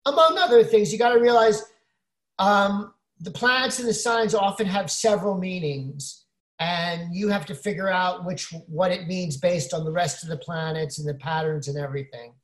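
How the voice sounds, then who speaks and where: A woman's voice: on the low side, moderate pace, echoey room. A woman co-hosting a casual chat, explaining things at length and often saying "you know".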